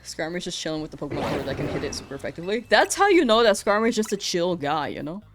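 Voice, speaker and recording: A woman's voice: lowish voice, sing-song, rapid-fire, background noise. A woman streaming a game, chatting casually with her viewers and laughing often. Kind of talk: casual live-stream chat while gaming.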